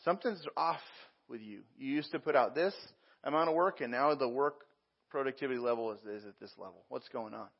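A man's voice: medium pitch, a little fast, muffled recording. A man preaching a sermon as a pastor, talking conversationally with frequent repeats and fillers.

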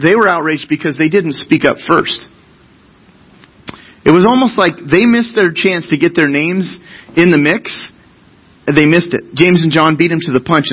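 A man's voice: fairly high pitch, moderate pace, pauses often, slightly rough, highs cut off. A man preaching a sermon as pastor, talking to the congregation in an earnest, conversational way and asking them questions.

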